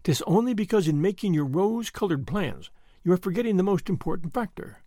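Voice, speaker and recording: Brief: loyal young English gentleman in an audiobook, read by a male narrator, low, measured, earnest and quiet. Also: sing-song, dry recording, clean studio sound. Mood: grave.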